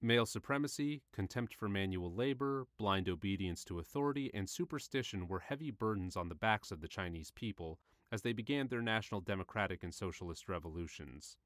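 A man reading a nonfiction handbook aloud in a measured, deliberate way. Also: on the low side, animated, a bit bright, no room sound, clean studio sound. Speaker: audiobook reader. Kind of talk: read-aloud nonfiction narration.

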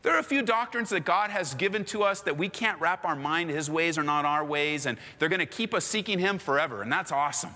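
A male pastor preaching a sermon in an animated, conversational storytelling manner. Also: a little high, a little fast, hardly any pauses, in a large hall.

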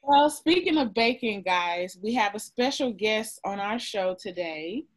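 A woman co-hosting a podcast in casual chat, lively and laughing, getting loud when excited. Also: medium pitch, measured pace. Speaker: podcast co-host.

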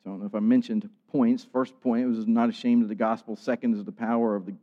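Guy preaching, earnest and building up loud, muffled sound with a long echo. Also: mid-range voice, little pitch movement, fast. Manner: earnest, builds to emphatic peaks, repeats himself. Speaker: pastor. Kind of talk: sermon. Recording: dull sound with long hall reverb.

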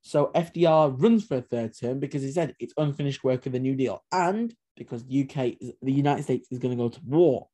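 A man's voice: medium pitch, fairly quick, few pauses, warm tone. A man co-hosting a history podcast, talking animatedly with sarcastic asides. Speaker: podcast co-host. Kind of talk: casual history podcast discussion.

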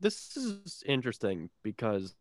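Young male co-host, lively intonation, jokey and teasing. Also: mid-range voice, unhurried. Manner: joking, teasing. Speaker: radio co-host. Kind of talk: casual radio chat. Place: college radio studio.

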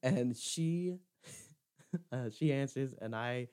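A man's voice: medium pitch, takes it slowly, smooth. Laughing young man telling a story. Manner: animated storyteller, acts out quotes, laughs often. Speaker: podcast co-host. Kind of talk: casual chat, telling a story.

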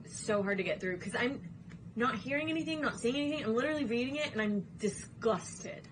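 A woman's voice: fairly high pitch, lively intonation, a little fast, noisy background. A young woman co-hosting a podcast, chatting casually with earnest, candid reactions. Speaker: podcast co-host. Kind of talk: casual chat.

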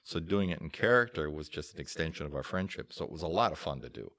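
Deep-voiced man chatting in a ramble. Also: animated, fast talker, a bit bright. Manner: rambling, repeats words as he starts sentences. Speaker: stage actor. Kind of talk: casual chat.

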